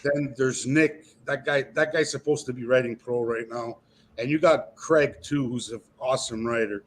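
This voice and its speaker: A man's voice: medium pitch, fairly even intonation, moderate pace. A man chatting casually about a bike he restored, telling stories in a boastful, salty way. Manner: boastful storyteller, swears freely. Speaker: guest restoring dirt bikes. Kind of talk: casual chat on a live video call.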